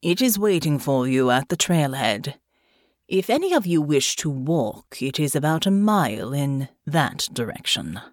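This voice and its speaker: A woman reading an audiobook, voicing a polite, humble male servant in a lowered voice. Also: expressive, a little slow, dry recording, studio quality. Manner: courteous, humble.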